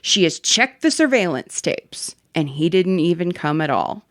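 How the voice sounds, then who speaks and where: A woman reading a story aloud in an animated, casual way. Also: on the low side, a little slow, dry recording, clean studio sound. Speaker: story reader.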